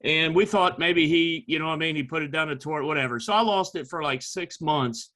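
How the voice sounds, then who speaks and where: A man's voice: a little high, fairly quick, sharp tone. A married man co-hosting a podcast, telling a rambling personal story with frequent restarts and laughs. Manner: rambling, laughing, self-correcting. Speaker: podcast co-host. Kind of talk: casual storytelling chat.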